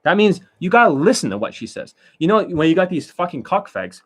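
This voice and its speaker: A man's voice: sits high, very animated, fairly quick. A man who is a dating coach, talking in a rambling, boastful and profane monologue.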